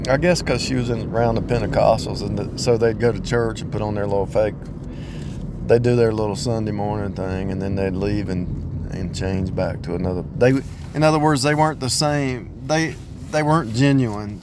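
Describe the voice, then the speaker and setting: A man's voice: lowish voice, normal speed. A married man in a rambling casual monologue about faith, restarting often and repeating phrases in a preaching cadence. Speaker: married believer speaking on faith. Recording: outdoor street and car noise.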